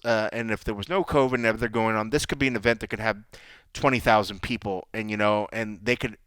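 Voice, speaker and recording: A man's voice: mid-range voice, fairly bright tone, clear, resonant tone, no echo. Rambling man co-hosting a podcast. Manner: rambling, restarts and swears casually. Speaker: podcast co-host. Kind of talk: casual chat.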